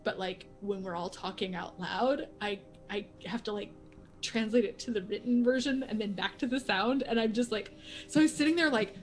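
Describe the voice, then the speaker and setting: A woman's voice: fairly high pitch, fairly quick, soft background music. A woman talking as a guest in a casual chat, telling stories with frequent laughter. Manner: laughs often, animated storytelling.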